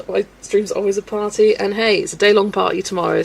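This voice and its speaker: A woman's voice: mid-range voice, fairly even intonation, fast talker, hardly any pauses, slight background noise, poor audio. A woman hosting a colouring live stream, chatting casually with viewers and giggling often. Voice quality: gravelly creak in the voice. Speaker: colouring livestream host.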